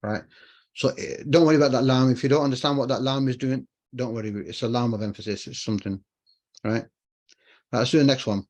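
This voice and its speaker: A fast-talking man with a medium-pitched, darkish voice runs an online Arabic class. He explains patiently, repeats the key phrases, and raises questions that he answers himself.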